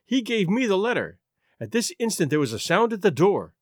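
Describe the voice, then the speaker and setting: Read by a man, a troubled young wife pours out her confession in an earnest, halting voice, her pitch rising and falling widely. The delivery sits slightly high for a man, and the sound is close and dry. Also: sing-song, dry recording. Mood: anxious. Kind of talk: audiobook reading.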